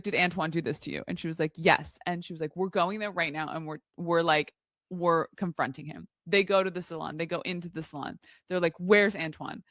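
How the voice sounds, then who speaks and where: Lively woman telling a story. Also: lowish voice, no room sound, studio quality. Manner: enthusiastic, animated storytelling with gasps and laughs. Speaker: co-host. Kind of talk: casual chat.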